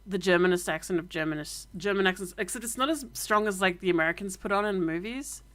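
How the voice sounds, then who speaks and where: A woman's voice: medium pitch, fast, fairly bright tone. A woman streaming a game, chatting casually in a playful, laughing and profane way. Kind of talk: casual chat.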